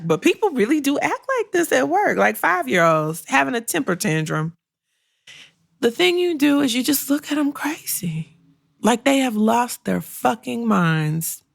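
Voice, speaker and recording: Middle-aged woman podcast host, low and gravelly, sassy and blunt advice delivery, dry close recording. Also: no echo. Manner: blunt, sassy and conversational, with laughs and acted-out quotes. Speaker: podcast host and career coach. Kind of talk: candid solo podcast advice.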